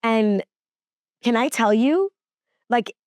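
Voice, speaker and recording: A woman's voice: on the high side, lively intonation, slow, darkish tone, clear, resonant tone, no room sound, studio quality. A woman guest, a working mom and TV reporter, telling personal stories in a casual podcast chat, earnest and full of "like" fillers and restarts.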